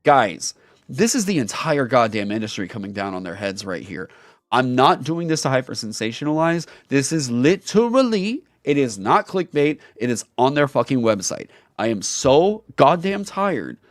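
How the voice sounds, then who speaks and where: Heated, profane man with a lively voice. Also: medium pitch, dry recording, clean studio sound. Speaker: YouTuber and streamer. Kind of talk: angry commentary rant.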